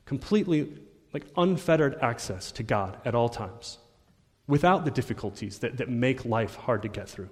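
A man's voice: expressive, normal speed, a little mellow. A man, a pastor, giving an earnest sermon and leading a closing prayer, often restarting and repeating words. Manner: earnest, rises in pitch and volume when reading scripture aloud. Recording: long reverb of a church hall.

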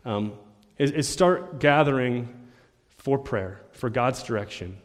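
A man, a pastor, giving an earnest sermon and leading a closing prayer, often restarting and repeating words. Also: takes it slowly. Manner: earnest, rises in pitch and volume when reading scripture aloud. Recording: long reverb of a church hall.

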